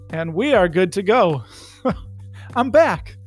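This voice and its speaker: A man rambles through his home podcast in a loose, goofy way. His voice sits high. Faint music plays softly behind him. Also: big pitch swings, slow, long pauses. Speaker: podcast host. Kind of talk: casual solo podcast. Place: his home in the Chicago suburbs.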